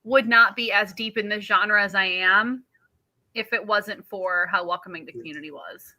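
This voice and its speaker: A woman's voice: medium pitch, steady tone, normal speed, pushed and bright. A woman co-hosting a casual video chat, earnest and self-deprecating.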